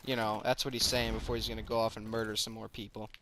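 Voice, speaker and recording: A man's voice: on the low side, level tone, fast talker, background noise. A man ranting in an exasperated, sarcastic, profane way over gameplay footage, as the creator of the video.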